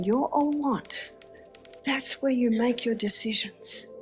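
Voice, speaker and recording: A woman with a somewhat high voice gives a faith-based lecture. She speaks expressively, telling a story and asking rhetorical questions, with faint music behind her. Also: darkish tone.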